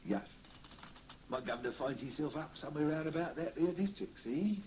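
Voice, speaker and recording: A cheery old Cockney barrow boy's spirit, as a man in a séance puts him on, rambling through his memories with chuckles. His voice has a warm, mellow tone, and his pitch swings up and down as he talks, in a folksy, chatty way. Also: animated, normal speed, slight background noise, lightly acted, poor audio. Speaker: trance medium. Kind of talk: séance trance communication.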